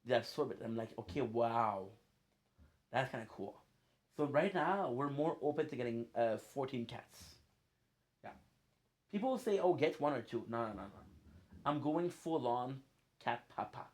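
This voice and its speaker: A man's voice: mid-range voice, expressive, moderate pace, darkish tone. Playful, rambling male streamer. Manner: playful, rambling, laughs often. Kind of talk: casual chat while gaming.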